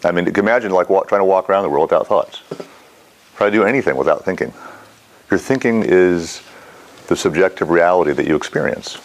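A man's voice: low voice, fairly quick. A middle-aged man teaching a mindfulness class in a casual, rambling way, often quizzing his students. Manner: rambling, animated, asks the class questions.

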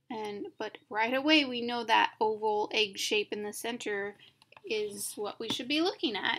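A woman's voice: on the high side, a bit bright, slight background noise. A young woman teaching an art lesson over slides. She is informal and thinks aloud, with many ums and self-corrections. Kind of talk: casual recorded lecture over slides.

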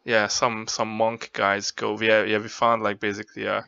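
Low, gravelly rambling man player. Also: completely flat delivery, normal speed, pushed and bright, no echo, highs cut off. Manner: rambling, loose, with many fillers. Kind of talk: casual recap of a tabletop game.

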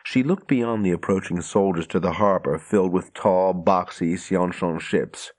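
A man reading a fantasy audiobook in scripted narration, measured and steady. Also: low-pitched.

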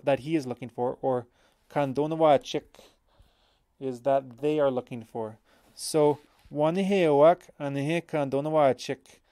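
A man's voice: medium pitch, dark tone, no echo, clean studio sound. A man teaching a language lesson, explaining example sentences patiently and correcting himself as he thinks aloud.

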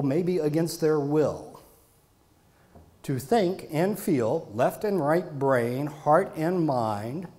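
A man's voice: medium pitch, darkish tone. A middle-aged man gives a live lecture as a marketing consultant, with a mid-range voice. He speaks emphatically and stacks one phrase after another to drive each point home. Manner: emphatic, piles up repeated phrases for stress.

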